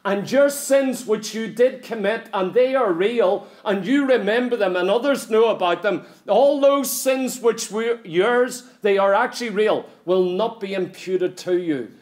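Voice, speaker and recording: Preacher, male, high-pitched, emphatic sermon delivery with rhetorical questions. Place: church.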